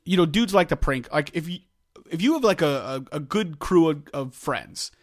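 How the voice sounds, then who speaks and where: A man's voice: fairly high pitch, animated, normal speed. A middle-aged man co-hosting a podcast, telling stories in a rambling, casual way with frequent restarts. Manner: rambling storytelling with many restarts. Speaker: podcast co-host. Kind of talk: casual chat.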